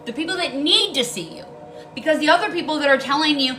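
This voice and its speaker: A woman's voice: high voice, fast, bright, forceful tone, soft background music, rough recording. A woman giving a casual tarot reading, blunt and emphatic, swearing freely and repeating key lines for emphasis. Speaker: tarot card reader.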